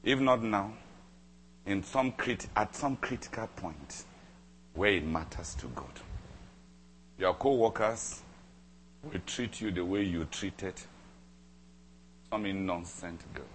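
A man preaching a sermon, telling a personal story with dramatic repetition and emphatic swings between loud and soft. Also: low-pitched, expressive, takes it slowly, long pauses, a little hiss or hum. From Cameroon. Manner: dramatic, repeats phrases for emphasis.

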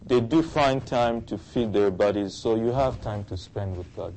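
Male pastor, somewhat low pitch, urgent exhortation, prays with fervor. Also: moderate pace, darkish tone, low-quality recording. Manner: earnest exhortation, rising in fervent prayer. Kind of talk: sermon.

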